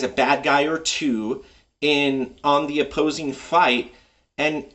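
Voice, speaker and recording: Lively, rambling game master man. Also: a little high, recorded from a distance. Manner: enthusiastic, rambling. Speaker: tabletop game master and video host. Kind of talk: casual advice monologue.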